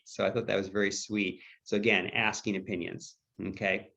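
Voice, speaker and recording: A man's voice: lowish voice, little pitch movement, normal speed, creaky, sharp tone. A middle-aged man giving a dementia care training webinar in a conversational, anecdotal way, often acting out quoted dialogue. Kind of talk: webinar presentation. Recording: slightly dull webinar audio.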